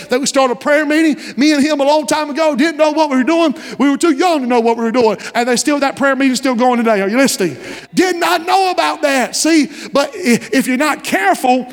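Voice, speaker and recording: Impassioned high-voiced preacher in a large church. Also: male voice. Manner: impassioned preaching, shifting between shouts and hushed lines. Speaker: pastor. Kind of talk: sermon. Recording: reverberant church sanctuary.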